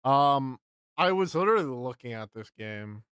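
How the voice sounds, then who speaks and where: A man's voice: medium pitch, expressive, normal speed, fairly bright tone, clear, resonant tone, no room sound, studio quality. A young man streaming live, chatting casually with his chat, frustrated, swearing and repeating himself.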